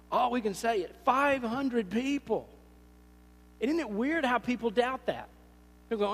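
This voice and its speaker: A man preaching a sermon, animated and storytelling, acting out little scenes in different voices. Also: very high voice, measured pace, long pauses, long reverb tail. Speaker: pastor.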